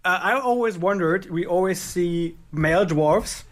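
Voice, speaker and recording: Upbeat radio host. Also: male voice, sits high, a little slow. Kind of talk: casual radio interview.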